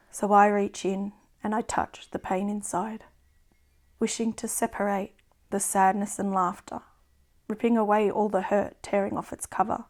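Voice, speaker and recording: A woman reading her own poems aloud in a slow, subdued, even way. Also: medium pitch. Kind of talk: poetry reading.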